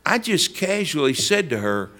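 A man's voice: on the high side, very animated, normal speed, pushed and bright. A man preaching a sermon, telling stories and addressing listeners by name.

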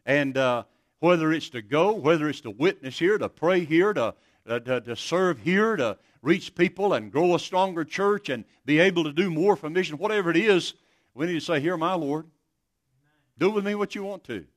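A man's voice: on the high side, expressive, moderate pace, dry recording. A man preaching a sermon, telling stories in an earnest voice and often restarting his words. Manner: earnest, storytelling with many restarts.

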